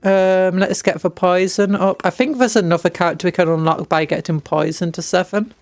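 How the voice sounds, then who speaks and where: A woman's voice: lowish voice, steady tone, brisk, a little mellow, no echo, faint music behind. A British woman streaming a game, reading upgrades aloud and making jokey asides. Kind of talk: casual gameplay chat.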